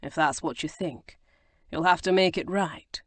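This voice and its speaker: A woman reading an audiobook, voicing a composed, wry gentleman with a dry, measured manner. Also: on the low side, no echo.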